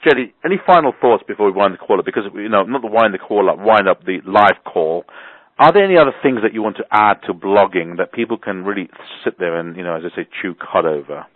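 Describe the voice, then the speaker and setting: Guy running a business call, low voice, rambly and pushy, sounds like a phone line. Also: expressive, quick pace, dry recording. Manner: rambling, emphatic, repeats words for stress. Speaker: host of a business conference call. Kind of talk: casual call talk. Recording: tinny phone line, dry.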